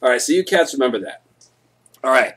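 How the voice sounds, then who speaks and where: A young man hosting a live stream, telling stories casually, laid-back, swearing a lot and getting loud when he acts things out. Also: medium pitch, expressive, a little fast, slightly rough.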